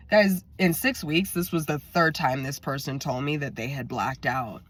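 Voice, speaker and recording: A woman's voice: low voice, normal speed, no room sound. A woman vlogger telling a story in a chatty way, talking straight to her viewers and acting out what was said. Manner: chatty, addresses viewers directly, acts out quotes. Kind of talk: storytelling vlog.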